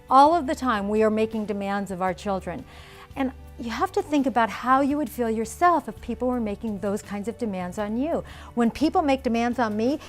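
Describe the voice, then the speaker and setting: A middle-aged woman giving a calm, explanatory parenting lesson on video, now and then acting out example phrases. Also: a little high. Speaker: parenting instructor. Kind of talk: instructional video talk.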